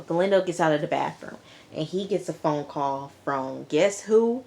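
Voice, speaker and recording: A woman vlogger recapping a TV episode in a casual, lively way, full of slang and quick asides. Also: low voice, creaky. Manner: lively retelling with slang and acted-out quotes. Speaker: TV review vlogger.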